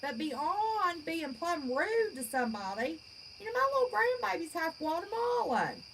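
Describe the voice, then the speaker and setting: Blunt, lively woman host. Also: very high-pitched, moderate pace, slight background noise, poor audio. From West Virginia. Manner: blunt, folksy, outspoken ranting. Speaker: channel host. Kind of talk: livestream chat reading viewer comments.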